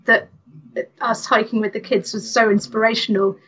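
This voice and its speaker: Chatty higher-voiced woman, lo-fi. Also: level tone, normal speed, fairly bright tone. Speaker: guest, hiking mother. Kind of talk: interview.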